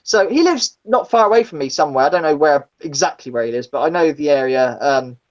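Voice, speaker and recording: A guest who used to drive a taxi recounts her old driving jobs in a casual live chat, blunt and swearing as she acts out people she met. Her low, expressive voice runs a little fast, and the recording is muffled.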